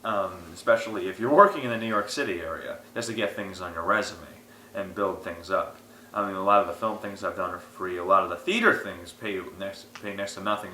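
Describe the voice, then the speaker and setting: A man's voice: low-pitched, slight background noise. A young man, an aspiring actor, telling stories in a casual interview and acting out the people in them. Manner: animated storyteller, acts out quotes. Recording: roomy echo.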